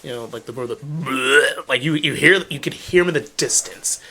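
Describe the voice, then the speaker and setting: Man, very bright forceful voice, casual podcast chat, excitable, profane. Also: medium pitch, a little fast, husky. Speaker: podcast co-host.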